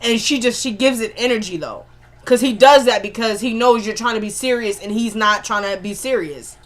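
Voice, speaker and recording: A woman casually recapping a TV episode in an animated, chatty way, spelling out her swear words. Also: a little high, moderate pace. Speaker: TV episode reviewer.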